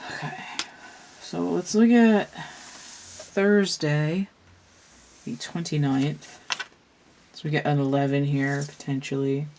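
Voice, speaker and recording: A woman's voice: low-pitched, fairly even intonation, slow, long pauses, darkish tone, a little hiss or hum. A young adult woman talking casually through a tarot reading, thinking aloud in a meandering way with restarts. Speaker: tarot reader.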